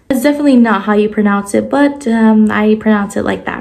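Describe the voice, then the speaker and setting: A young woman chatting casually through a book review vlog, expressive and full of filler words. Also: on the high side, brisk, gravelly. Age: young adult. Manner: chatty, expressive, lots of "like" fillers, animated emphasis. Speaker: book vlogger.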